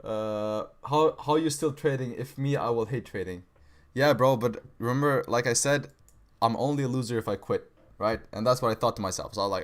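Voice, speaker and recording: A man's voice: mid-range voice, a little fast. A young man hosting a live trading stream, chatting casually with viewers in slangy speech, saying "bro" and "right" a lot. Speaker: livestream trading host. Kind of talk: casual livestream chat reading viewer questions.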